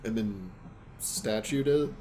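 A young man co-hosting a let's play, chatting dryly and giving blunt directions. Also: on the low side. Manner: dry, unhurried, gives blunt directions. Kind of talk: casual gameplay commentary.

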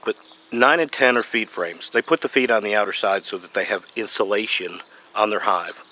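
A man giving a folksy, animated how-to explanation as a beekeeping vlogger, outdoors. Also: fairly low pitch, moderate pace, slight background noise. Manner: folksy, animated, playful asides. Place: outdoors by a tree and truck.

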